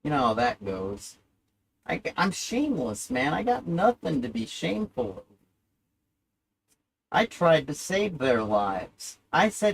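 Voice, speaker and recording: A man's voice: a little high, sing-song, unhurried, creaky, poor audio. A man ranting alone on his livestream, rambling and sarcastic with plenty of profanity and self-pity. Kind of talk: solo livestream rant.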